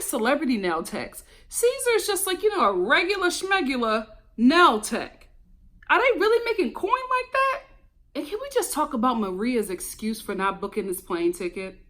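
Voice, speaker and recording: Animated chatty woman vlogger. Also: high-pitched. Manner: animated, chatty, exclamatory, addresses viewers as y'all. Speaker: reality TV review vlogger. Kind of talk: casual commentary vlog.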